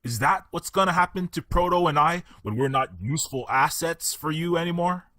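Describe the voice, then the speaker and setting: A man's voice: fairly high pitch, fairly quick, sharp tone. An actor playing a betrayed male detective who accuses the woman who hired him. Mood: indignant. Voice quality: indignant, accusing.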